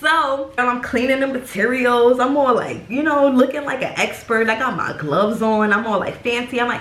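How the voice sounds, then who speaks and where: A young woman telling a profane, animated story-time tale to camera, acting out the people in it. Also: a little high, fairly quick, few pauses. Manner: animated, profane, acts out voices. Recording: echoey room.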